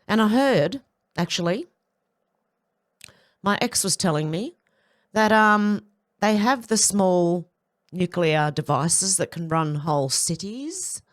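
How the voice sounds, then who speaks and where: A woman's voice: mid-range voice, lively intonation, slow pace, long pauses. A woman hosting an opinion commentary, blunt and irritable, with sarcastic asides and swearing, nursing a headache and sore back. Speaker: commentary channel host. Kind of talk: casual opinion commentary over clips.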